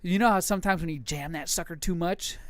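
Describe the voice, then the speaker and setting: High, smooth-voiced man telling stories. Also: quick pace, no room sound. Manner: animated, profane, acts out his wife's lines. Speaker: podcast co-host. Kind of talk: casual crude storytelling.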